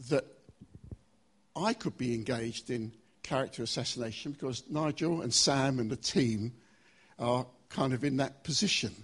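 Husky man preaching a sermon. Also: medium pitch, a bit bright. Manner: emphatic, varied pace with slow stressed phrases.

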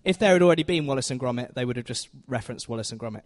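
A man's voice: medium pitch, expressive, racing. A man giving a chatty, self-deprecating Bible teaching in a church, often asking the audience questions. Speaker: preacher.

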